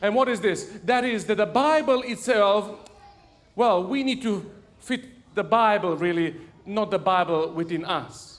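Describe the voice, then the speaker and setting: A man's voice: sits high, measured pace. A man speaking as a guest pastor, preaching a sermon in a conversational, slightly hesitant way. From lived in England.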